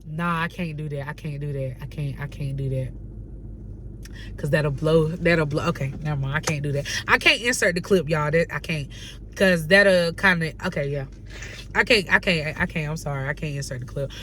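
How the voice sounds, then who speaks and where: A young woman from North Carolina telling a casual storytime on her vlog, animated and slangy, acting out the dialogue she quotes. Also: low-pitched, normal speed, slight background noise. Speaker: vlogger.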